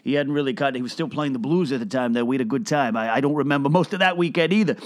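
Racing along at medium pitch, a man plays an older Hollywood producer who boasts, drops names, and keeps restarting his sentences for laughs. The studio-quality audio has no room sound, and his voice is close to an everyday one.

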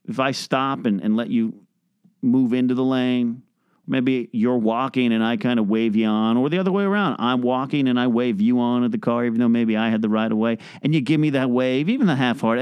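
A middle-aged man hosting his own show, ranting in a sarcastic, exasperated comic monologue and mimicking beeps in a high squeal. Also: expressive, moderate pace, a little mellow, smooth, no echo. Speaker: podcast host. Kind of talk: comedic solo rant. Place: home bedroom.

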